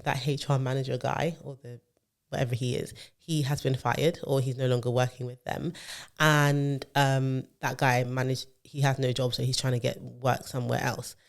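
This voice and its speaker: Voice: mid-range voice, gravelly. A podcast co-host, telling a long story in casual chat, full of fillers and restarts.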